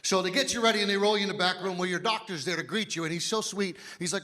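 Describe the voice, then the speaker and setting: A man in his fifties performing a stand-up comedy set, telling big, animated stories on a stage mic in a live hall. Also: high voice, fast talker, few pauses. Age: 50s. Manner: big animated storytelling, drops to quiet voices for quoted doctor. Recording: live hall with audience laughter.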